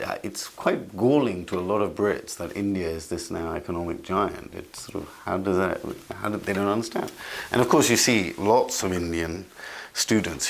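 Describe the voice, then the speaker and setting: Appearing as an interview guest, a deep-voiced man gives conversational commentary. He speaks haltingly, often restarting and repeating words.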